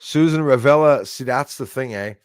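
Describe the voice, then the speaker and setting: A man's voice: mid-range voice, normal speed, smooth, no room sound, clean studio sound. Man rambling on a home live stream. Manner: rambling, greets viewers by name, swears casually. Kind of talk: casual live-stream chat with viewers. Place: old house at home. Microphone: desk microphone.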